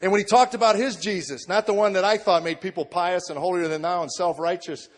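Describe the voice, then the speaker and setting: A man's voice: sits high, fairly quick. A man in his forties telling a heartfelt personal story to a live audience, acting out what others said to him. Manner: earnest storytelling, acts out quoted voices. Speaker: comedian giving testimony. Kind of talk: spoken testimony to a live audience. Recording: long hall reverb.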